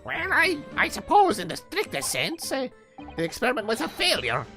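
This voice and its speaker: A man streaming a game, voicing an excitable, stammering, eccentric male scientist. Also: extremely high pitch, soft background music, voice pushed up, exaggerated voice. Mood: excited. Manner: stammering, rapid bursts of excitement.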